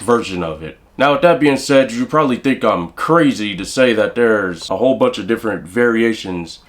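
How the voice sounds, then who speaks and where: Male drum instructor, lower register, casual explainer who counts rhythms aloud. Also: expressive, normal speed. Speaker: drum teacher.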